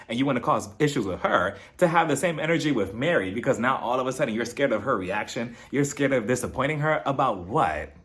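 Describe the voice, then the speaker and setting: A young man talks straight to his audience in a loose, gossipy recap, with his pitch sitting in a plain middle range. He slips into mocking voices of the people he retells and laughs along with his own jokes. The tone stays chatty and opinionated throughout. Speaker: reality TV reviewer, channel host. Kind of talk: casual recap commentary.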